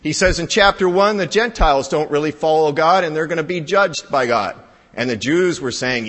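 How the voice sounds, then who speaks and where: A man preaching a sermon in a conversational style, building to emphatic, higher-pitched peaks. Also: moderate pace, a bit bright, big-room sound. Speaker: pastor.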